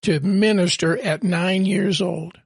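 Male host, high husky voice, dry close recording, prompts with questions. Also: steady tone, slow, no room sound. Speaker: interview host. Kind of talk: interview questions.

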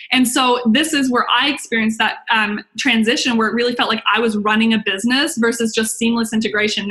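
A young woman business coach talks through a webinar in a bubbly, rambling way, peppering it with "like" and little acted-out inner voices. Her voice sits fairly high and sounds bright and forceful. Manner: chatty, excitable, lots of "like" and acted-out inner voices. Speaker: business coach and podcast host. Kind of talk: webinar talk.

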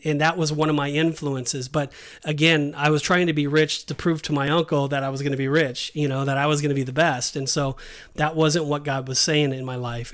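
Earnest, slightly high-voiced man. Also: fairly bright tone. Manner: earnest storytelling, quoting dialogue. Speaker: podcast host. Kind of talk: faith testimony.

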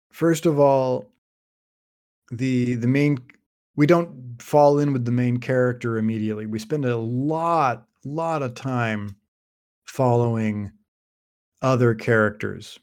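A podcast host, male, with a mid-range, darkish, clean voice, sums up a fantasy novel in casual chat. He rambles, leaning on fillers and frequently restarting his sentences.

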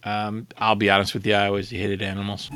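A man's voice: on the low side, monotone, quick pace, noisy background. A man playing a tabletop role-play game, talking in a hesitant, stammering, joking way.

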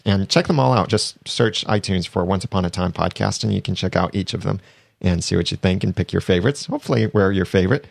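A man's voice: low voice, creaky, dry recording, studio quality. A man hosting a podcast in a chatty, casual way, reading sponsor plugs and laughing often. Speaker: podcast host.

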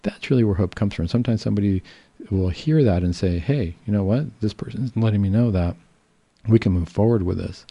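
Gravelly dark-voiced man, reassuring. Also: on the low side, brisk, no echo, highs cut off. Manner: calm, reassuring, explains patiently with fillers and restarts. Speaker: psychiatrist. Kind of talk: casual educational talk.

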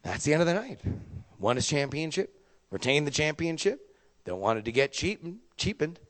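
A young man telling a stand-up story, his voice sitting a bit high. He is profane and animated, jumping into sudden loud bursts, and a long reverb from the hall hangs behind him. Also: normal speed. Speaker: stand-up comedian.

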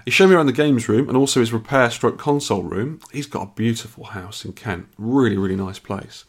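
This man sounds a touch tired and rambles as a podcast co-host, circling back and restarting his sentences. His voice sits at an ordinary middle pitch with a husky, slightly breathy edge. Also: a little fast. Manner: chatty, rambling storyteller with restarts. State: tired and yawning. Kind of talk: casual chat.

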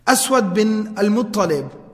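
Guy teaching a class, chatty storyteller vibe, high voice, long echo in a big hall. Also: lively intonation, a little slow. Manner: casual, conversational, vivid retelling with asides. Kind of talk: storytelling lesson.

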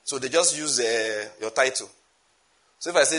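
A man with a Nigerian accent preaching a sermon emphatically, with sudden loud bursts and asides in Nigerian Pidgin. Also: medium pitch, moderate pace.

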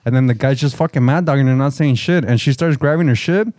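A man's voice: mid-range voice, fast talker, darkish tone, no echo. A young man telling stories in a casual chat, profane and full of slang tags.

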